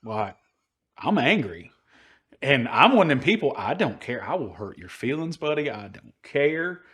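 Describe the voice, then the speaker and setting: A man's voice: mid-range voice, moderate pace, husky. A man with a Southern US accent, a podcast guest brashly telling a story and acting out quoted lines. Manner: brash, animated storyteller who acts out quotes. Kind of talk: casual storytelling.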